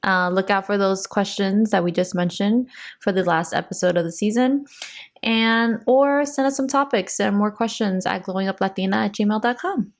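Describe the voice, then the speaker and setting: A young woman co-hosting a podcast, chatting in a relaxed, easygoing way. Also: mid-range voice, normal speed. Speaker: podcast co-host. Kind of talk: casual podcast chat.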